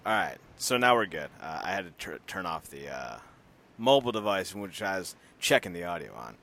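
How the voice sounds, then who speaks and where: A man's voice: low voice, a little fast, gravelly. A man co-hosting a casual podcast, rambling and laughing as he talks. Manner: animated, rambling, laughs often, acts out voices. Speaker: podcast co-host.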